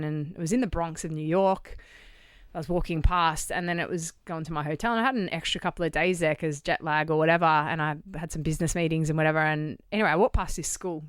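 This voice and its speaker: A middle-aged Australian woman with a low, smooth voice tells a story as a podcast guest. She acts out each bit of dialogue and swears casually. The sound is dry and close. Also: no echo. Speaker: guest, charity founder. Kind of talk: conversational storytelling. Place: podcast studio.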